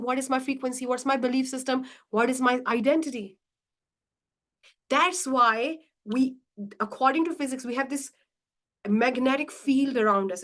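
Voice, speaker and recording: A woman with a fairly high voice coaches a live online session on money mindset. She teaches earnestly, repeats her key points and slips into little acted-out examples to make them land.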